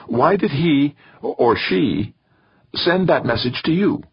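A blunt, intense young female scientist voiced by a man, pushing hard with probing questions. The read is husky, with wide pitch swings, and the recording sounds dull and dry. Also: animated, slow pace, no echo, full character voice.

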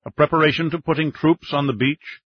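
A foreign minister presses with pointed questions, read by a man. His voice lifts and sounds slightly husky. The audio is dry and muffled. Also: a little high, fairly even intonation, brisk, no room sound, pitched above the performer's own voice. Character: probing male foreign minister.

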